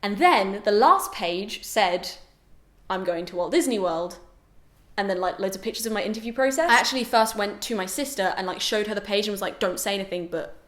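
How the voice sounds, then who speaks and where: A young adult woman chatting casually to camera as a vlogger, animated and exclaiming. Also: mid-range voice, brisk. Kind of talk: casual vlog chat. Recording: roomy echo.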